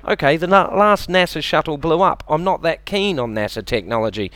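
A man with a New Zealand accent doing a deadpan, self-deprecating stand-up set and bantering with the audience on a club stage. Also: on the high side, a little fast, few pauses, clear, resonant tone, no echo. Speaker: stand-up comedian. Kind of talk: stand-up comedy routine.

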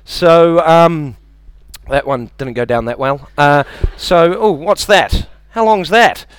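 A man's voice: on the high side, slow pace, smooth, no echo. A man with a New Zealand accent doing a stand-up comedy set, chatty and self-mocking, slipping into silly impressions.

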